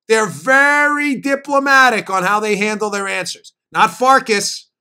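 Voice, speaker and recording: A man's voice: sits high, bright, forceful tone, smooth. A man with a New York accent hosting a political talk podcast, arguing emphatically and reading ads. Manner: emphatic, rapid, argumentative delivery. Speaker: political talk show host. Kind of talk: political commentary podcast with ad reads.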